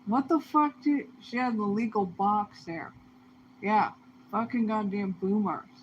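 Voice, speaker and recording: A woman ranting in a heated, profane monologue, swinging between low muttering and loud outbursts. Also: unhurried. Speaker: vlogger. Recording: dull lo-fi sound with faint noise.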